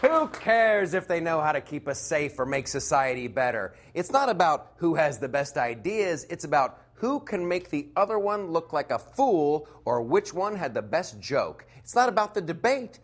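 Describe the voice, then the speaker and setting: A middle-aged man performing a stand-up comedy set, animated and mocking, slipping into quick impressions. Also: high-pitched.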